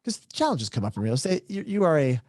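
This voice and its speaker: A man moderating a casual discussion, talking quickly and working through ideas with practical examples. He often checks in with his listener as he goes. His voice is dry and close, with no room sound. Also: a little high, sing-song, darkish tone, no room sound. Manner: brisk, explanatory, keeps adding "right?". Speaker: moderator, real estate agent.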